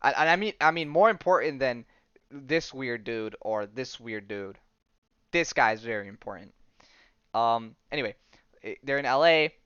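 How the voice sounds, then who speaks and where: Rambling young man with a smooth voice. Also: medium pitch, expressive, moderate pace, fairly bright tone, dry recording. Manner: rambling and enthusiastic, frequent ums and restarts, slangy. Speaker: podcast host. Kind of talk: casual comic book recap. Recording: dull lo-fi sound, dry.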